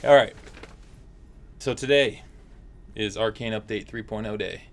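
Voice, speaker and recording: Chatty low-voiced male stream host. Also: unhurried, slight background noise. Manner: chatty, upbeat, lots of fillers. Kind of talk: casual livestream chat.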